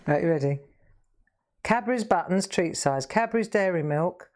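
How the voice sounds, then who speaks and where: Woman, middle-aged, craft show host, chatty, laughs often, slightly low pitch. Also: expressive, moderate pace, a little mellow. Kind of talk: casual chat while crafting live.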